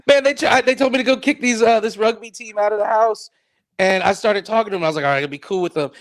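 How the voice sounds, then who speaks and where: A comedian on a radio show telling a party story in an animated way. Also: male voice, high voice, fast, no room sound. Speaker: comedian guest. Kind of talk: casual radio banter.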